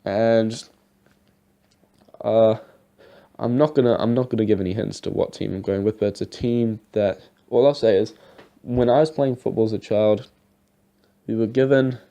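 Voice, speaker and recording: A man's voice: lowish voice, fairly even intonation, moderate pace, vocal fry, pauses often, mellow. A young man giving rambling, casual commentary over his football game footage, swearing now and then. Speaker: gaming YouTuber.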